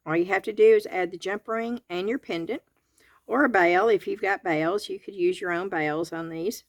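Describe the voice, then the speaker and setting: A crafting host talks through a craft kit as a live review and tutorial from her garage, her Southern US accent and homey manner coming through as she counts pieces out loud. She speaks at a medium pitch and normal speed, and there's no room sound.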